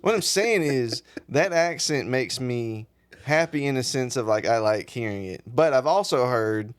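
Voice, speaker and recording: Man, podcast co-host, rambling casual chat, swears a lot, middle pitch. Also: animated, unhurried, clear, resonant tone.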